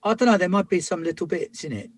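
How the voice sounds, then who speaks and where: Male player, husky and a touch high, plays a slangy, gruff space hauler in tabletop role-play. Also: quick pace, dry recording. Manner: gruff working-class space-hauler slang, calls everyone man.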